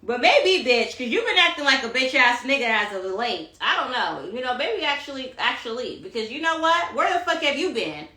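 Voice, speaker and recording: A woman's voice: on the high side, very animated, fairly quick, few pauses, bright, forceful tone, roomy sound. A woman giving a tarot reading on a phone live stream, sassy and profane, preaching self-love and calling her listeners honey. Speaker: tarot reader. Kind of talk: Instagram live astrology rant.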